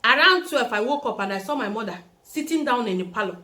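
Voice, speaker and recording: Animated young Nigerian woman telling a story. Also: a little high, quick pace. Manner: animated, acts out quoted voices. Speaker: vlogger. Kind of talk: storytime vlog.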